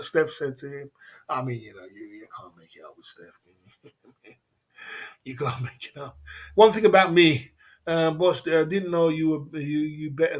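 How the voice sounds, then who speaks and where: A man's voice: a little high, fairly bright tone. A man hosting a livestream, telling rambling stories between laughs in casual chat. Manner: reads viewer comments aloud. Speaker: livestream host.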